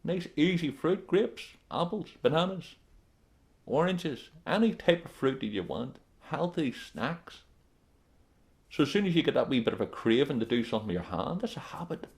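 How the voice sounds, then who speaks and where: A man's voice: a little high, very animated, normal speed, creaky. Blunt, emphatic man giving advice. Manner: addresses viewers as "guys". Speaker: self-help video presenter. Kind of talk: direct-to-camera motivational advice.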